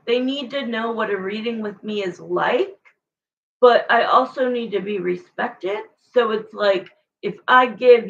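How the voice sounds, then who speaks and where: A woman's voice: a little high, fairly bright tone, highs cut off. A woman tarot reader chatting casually and frankly with viewers on a livestream.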